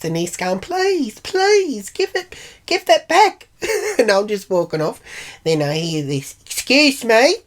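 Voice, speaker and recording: Middle-aged Australian woman, deep voice, crude and cheeky storyteller. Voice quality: brash, profane, mimics others in high voices. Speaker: vlogger. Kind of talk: casual storytelling.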